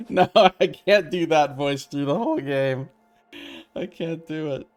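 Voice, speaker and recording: A man's voice: fairly high pitch, measured pace, darkish tone, soft background music. A man streaming a video game, chatting casually and self-amused as he tries out character voices. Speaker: let's play streamer.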